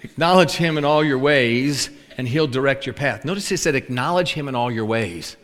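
Male preacher, bright folksy delivery, long hall reverb, joking sermon. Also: medium pitch, normal speed.

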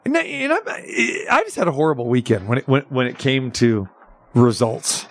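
A man hosting a sports talk radio show, telling stories in an animated, excitable way with stammered restarts. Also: medium pitch, normal speed.

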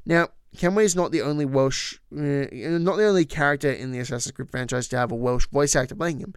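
A man's voice: mid-range voice, brisk, clean tone, dry recording, clean studio sound. A man hosting a podcast, talking casually and with opinions about trivia, with frequent asides. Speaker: podcast host.

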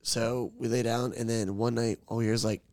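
A young man hosting a podcast, telling animated, profanity-filled childhood stories to his friends and acting out the people in them. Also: mid-range voice, a little fast, background noise. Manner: animated, swears a lot, acts out voices in his stories. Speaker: podcast host. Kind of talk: casual storytelling among friends.

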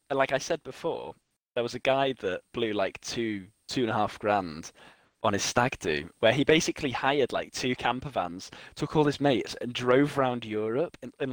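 A man's voice: medium pitch, no room sound. A young man chatting casually, retelling a story with restarts, fillers and laughs. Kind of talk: casual chat.

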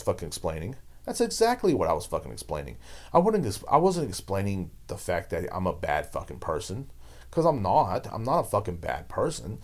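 A man hosting his own podcast, ranting on his own in a rambling, fired-up way, swearing constantly. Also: lowish voice. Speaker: podcast host. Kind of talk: casual solo rant.

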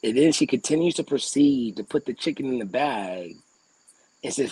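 A young adult man, a podcast co-host, telling a story in a casual, profane, animated way and acting out the people he argued with. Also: mid-range voice, normal speed, slightly rough, no room sound, rough recording. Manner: animated, profane, acts out quoted exchanges.

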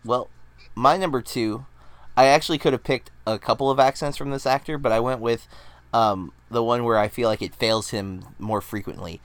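A man's voice: mid-range voice, steady tone, moderate pace, no echo. Rambling man in casual podcast chat. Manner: rambling, filler-heavy. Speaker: podcast co-host.

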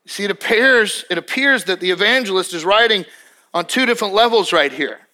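A man's voice: high voice, expressive, fairly quick, bright, forceful tone. A male pastor preaching a sermon in an emphatic, conversational way, often restarting his sentences.

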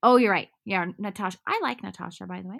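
A woman's voice: mid-range voice, quick pace, vocal fry, a bit bright. A woman chatting casually and animatedly, full of fillers, recapping episodes with a co-host. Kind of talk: casual chat recapping a dating show.

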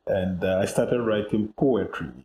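A Ghanaian man in his fifties, a journalist answering interview questions in a measured, reflective way from his office. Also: lowish voice, warm tone, echoey room, a little hiss or hum, low-quality recording. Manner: measured, reflective, with frequent fillers. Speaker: guest journalist. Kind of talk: interview over a remote call.

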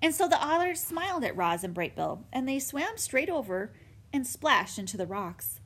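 Lady reading a kids' book aloud, pretty high voice that moves around a lot, a little breathy. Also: moderate pace. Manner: expressive, storytelling. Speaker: audiobook narrator.

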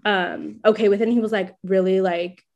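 A woman's voice: mid-range voice, brisk, lo-fi sound. A young woman in casual chat, telling a personal story, acting out what others said and laughing often. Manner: animated storytelling, acts out quotes, laughs often. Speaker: guest sharing a coming-out story.

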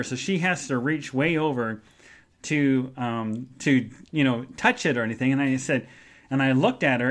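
A man hosting a live podcast show, telling a rambling story in a chatty way with lots of fillers. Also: medium pitch. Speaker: podcast host.

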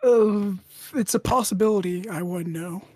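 A woman playing a nervous husky-voiced prisoner. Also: mid-range voice, moderate pace, darkish tone, close to an everyday voice. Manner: hesitant, stammering. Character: nervous young male prisoner. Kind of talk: tabletop role-play.

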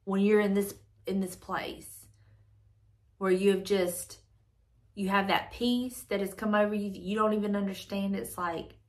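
A woman's voice: mid-range voice, flat delivery, unhurried. Earnest woman reflecting on scripture. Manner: earnest, reflective, repeats phrases. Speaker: devotional channel host. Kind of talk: devotional reading and reflection.

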